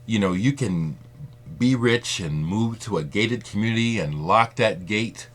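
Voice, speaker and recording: A man's voice: on the low side, animated, unhurried. A man speaking in an impassioned, rambling monologue to his video audience. He repeats his points and swears for emphasis. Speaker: vinyl community video maker.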